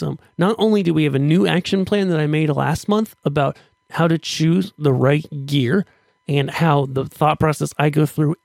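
A man with a fairly high, gravelly voice hosts a podcast in a chatty, upbeat monologue. His voice sounds close and dry, with no room echo. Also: a little mellow. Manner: upbeat, chatty, with restarts while pitching offers. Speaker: podcast host.

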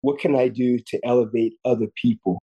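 A man's voice: mid-range voice, fairly even intonation, a little fast, dark tone, breathy edge, highs cut off. A man in his fifties, a podcast guest, telling a personal story in an earnest way, often repeating words as he goes. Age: 50s. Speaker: guest surgeon.

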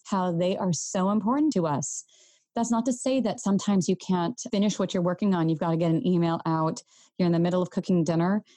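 A woman in her thirties hosts a parenting podcast, speaking earnestly and gently right to her listeners. Her voice sits on the low side, and there's no echo in this solo podcast talk.

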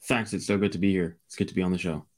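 Deep-voiced Scottish man. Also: fairly even intonation, racing. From Scotland. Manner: fluent, confident explaining. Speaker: podcast guest, entrepreneur. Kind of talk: casual interview.

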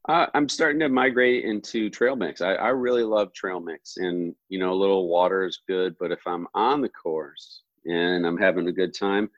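A man's voice: sits low, moderate pace, hardly any pauses, no echo, dull audio. A middle-aged man, a golf coach telling stories in casual chat and acting out what other people said. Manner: animated, acts out quoted voices.

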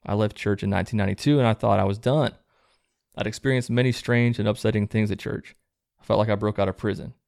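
A man with a low, gravelly voice reads viewer letters aloud in a steady, even tone. Between letters he adds relaxed, low-key comments. The sound is close and dry, with no room echo. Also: fast talker. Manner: low-key, plain reading, relaxed asides. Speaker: host reading viewer stories.

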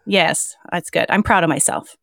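A woman's voice: fairly low pitch, moderate pace, creaky, a bit bright, dry recording, clean studio sound. A woman hosting a podcast interview, playful and teasing in casual chat. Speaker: podcast host.

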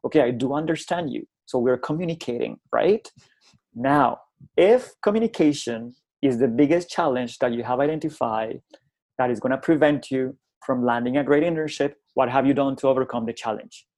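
A man's voice: medium pitch, normal speed. A middle-aged man from Colombia, a native Spanish speaker, speaks in a mid-range voice. He tells stories from his teaching work in a conversational way. He acts out the dialogue and keeps checking in with "right?". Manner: animated, acts out dialogue, frequent tag "right?". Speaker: college instructor and guest. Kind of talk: conversational storytelling.

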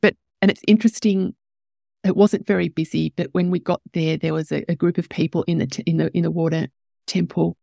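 Woman podcast host, candid storytelling, teary, some vocal fry, dead-dry recording. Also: on the low side, fairly even intonation, a little fast, mellow, dry recording. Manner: emotional, tearful at moments, candid with swearing. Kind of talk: personal reflective storytelling.

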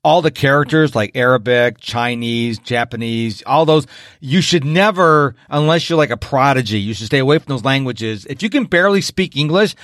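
A man from upstate New York hosting a podcast, talking in a high-energy, jokey, animated way. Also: dry recording, studio quality. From Rochester, New York. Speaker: podcast host. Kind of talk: casual interview chat.

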